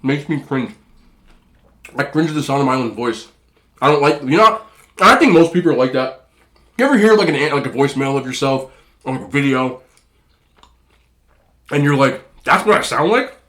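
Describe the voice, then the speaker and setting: A man's voice: mid-range voice, expressive, moderate pace, long pauses, fairly bright tone. A man with a slightly nasal voice, chatting casually and rambling while he eats on camera. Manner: rambling, chatty, talks between bites. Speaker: food vlogger. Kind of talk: casual mukbang chat while eating.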